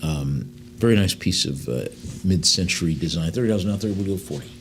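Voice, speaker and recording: A man working as an auctioneer in a live sale, reading out lot descriptions and then calling bids in quick runs. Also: low voice, a little hiss or hum. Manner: fast bid calls between slower lot descriptions, with fillers.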